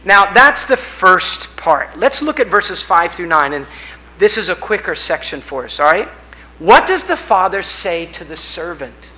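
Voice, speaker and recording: Bright, high-voiced male preacher. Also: sing-song, a little slow, low-quality recording. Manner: vivid storytelling preacher, rising and swelling on key images. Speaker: pastor. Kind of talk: sermon.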